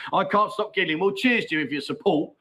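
Reading out viewer comments on his casual livestream, a middle-aged host banters cheekily. He talks at normal speed in a voice that sits high and has a sharp tone.

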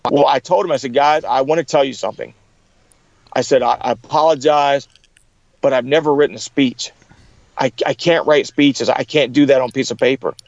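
Muffled and without echo, the recording captures a middle-aged interview guest whose mid-range voice stays steady in tone and runs a little fast. He tells energetic stories, performing the voices of people he quotes.

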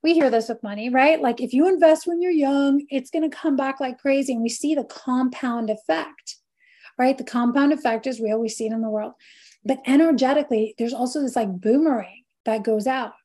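A woman speaks in a mellow, slightly high voice, earnest and reflective. She gives a faith-based wellness talk, weaving in scripture quotes and casual fillers. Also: moderate pace. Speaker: host.

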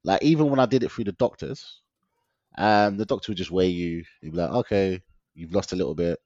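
Guy, young, animated storyteller, lots of slang and laughs; dull dry lo-fi sound. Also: sits low, brisk, no echo. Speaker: guest. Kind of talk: casual storytelling interview.

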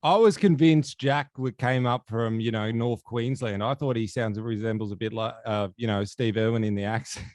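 A man's voice: mid-range voice, moderate pace, darkish tone, no echo. A man hosting a casual interview, joking and laughing often. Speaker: host.

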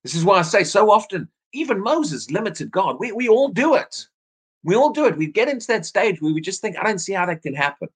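A man's voice: high voice, very animated, a little fast, husky. A man preaching an evening sermon, earnest, often repeating words as he restarts his phrases.

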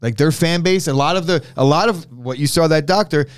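A young man co-hosting a casual sports chat, talking in a calm, easygoing way. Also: a little high, fairly quick, smooth, no room sound. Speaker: sports podcast co-host.

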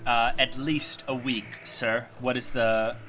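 A man playing a tabletop game, talking haltingly with lots of ums. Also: mid-range voice, steady tone, a bit bright, faint music behind. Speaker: player. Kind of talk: in-character tabletop banter.

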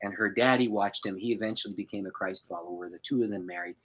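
A man who is a pastor, telling a personal story as a podcast guest in an animated way and chuckling often. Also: on the low side, fast, poor audio.

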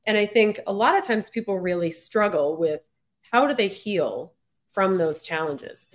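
A woman host with an ordinary mid-pitched voice asks interview questions warmly and encouragingly. She laughs along and keeps the talk moving. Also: animated, unhurried. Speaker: podcast host.

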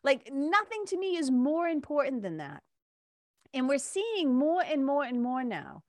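A woman's voice: high-pitched, very animated, unhurried, dry recording, clean studio sound. Chatty, candid woman spiritual mentor. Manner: candid and chatty, with frequent swearing and laughter. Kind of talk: casual monologue.

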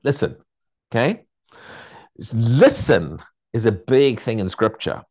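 Male pastor, sermon delivery, lively pitch swings, chatty storyteller with asides. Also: takes it slowly. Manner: animated storytelling with acted-out quotes; conversational, frequent restarts and asides.

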